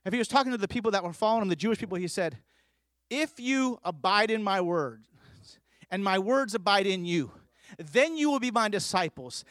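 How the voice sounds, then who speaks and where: A man's voice: high voice, lively intonation, fairly quick, a bit bright, no room sound, studio quality. A man preaching a sermon, telling stories and building to fervent emphasis. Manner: storytelling, rising to fervent emphasis.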